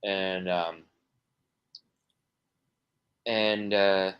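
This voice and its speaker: A man's voice: low-pitched, level tone, very slow, clean tone, dull audio. A man, a musician guest on a podcast, talking casually and rambling through stories with many restarts and fillers.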